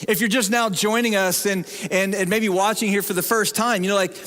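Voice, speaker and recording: A man's voice: high-pitched, fairly even intonation, fairly quick, fairly bright tone, faint music behind. A man preaching a sermon as pastor, telling stories with humor at his own expense. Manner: humorous, self-deprecating storytelling. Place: church sanctuary. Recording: long reverb in a church hall.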